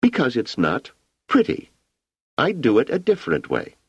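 A man voicing a sad, sulky little girl in a high, pleading child's voice. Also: wildly swooping pitch, normal speed, slightly rough, no echo, dull audio. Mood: fussy.

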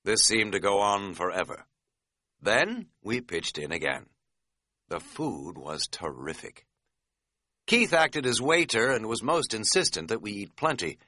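A man's voice: on the low side, sing-song, unhurried, pushed and bright, dry recording. A man reading an audiobook, telling the story with a wry, dry humor. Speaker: narrator. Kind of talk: audiobook narration.

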